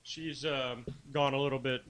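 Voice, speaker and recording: A man co-hosting a casual radio chat, giving opinions in an animated way. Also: mid-range voice, moderate pace. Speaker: radio co-host.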